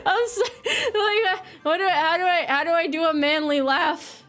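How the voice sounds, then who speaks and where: A woman's voice: very high-pitched, moderate pace, a bit bright, soft background music. A woman with an American accent streaming casual chat, giggly and self-mocking as she reads chat aloud. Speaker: livestreamer.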